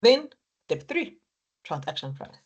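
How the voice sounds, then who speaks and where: Woman lecturer, low voice, encouraging, walks students through steps. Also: sing-song, a little slow, breathy edge. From Africa. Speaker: accounting lecturer. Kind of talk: exam technique lecture.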